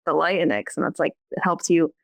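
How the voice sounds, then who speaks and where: A woman with a lowish, gravelly voice, recorded dry and close. She chats casually as a podcast co-host, thoughtful and agreeable. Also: fast talker, dry recording. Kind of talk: casual chat.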